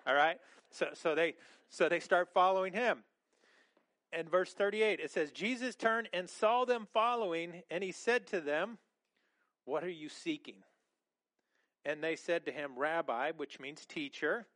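A middle-aged man preaching a sermon in an animated, conversational way, often repeating words and restarting his sentences. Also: on the high side, measured pace, dry recording. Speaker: pastor.

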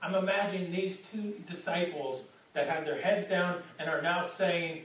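A man's voice: sits high, steady tone, moderate pace, fairly bright tone. A man preaching a sermon in a conversational way, often repeating words as he starts a phrase. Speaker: pastor. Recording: echoey hall, distant mic.

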